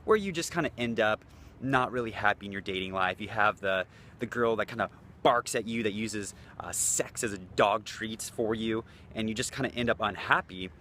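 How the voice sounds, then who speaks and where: A man with a fairly low voice gives casual dating advice to camera. He talks in a loose, blunt way and swears freely. A faint hiss of room noise sits under his voice. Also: moderate pace, bright, forceful tone. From United States. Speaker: dating coach. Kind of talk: casual talking-head vlog.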